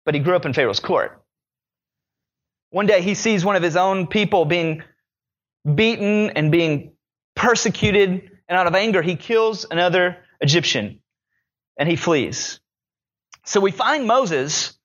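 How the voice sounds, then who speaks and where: High-voiced man preaching a sermon. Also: lively intonation, measured pace, long pauses, fairly bright tone, highs cut off. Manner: conversational, dramatic retelling with acted quotes. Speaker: pastor.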